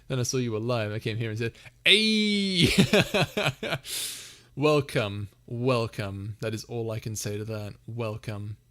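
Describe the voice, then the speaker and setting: Giggly young man hosting a live Q&A. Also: on the low side. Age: young adult. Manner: giggly, reads chat messages aloud. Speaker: livestream host. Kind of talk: casual live Q&A chat.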